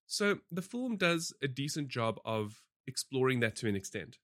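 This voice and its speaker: A man co-hosting a podcast, reviewing films and shows in a casual, animated way, with lots of fillers and restarts. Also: mid-range voice, normal speed, dry recording, clean studio sound.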